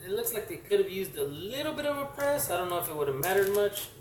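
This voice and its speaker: Casual male vlogger, slightly high voice, halting and rambly, recorded off-mic in an echoey room. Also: very animated. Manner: rambling, halting, lots of fillers and self-corrections. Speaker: comic collector vlogger. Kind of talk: casual show-and-tell vlog. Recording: roomy echo, distant mic, faint hiss.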